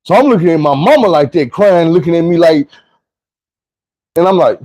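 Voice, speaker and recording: A man's voice: on the high side, lively intonation, normal speed, dry recording, rough recording. A young man telling a profane, vivid personal story in a casual monologue. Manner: vivid, profane retelling with shouted quotes.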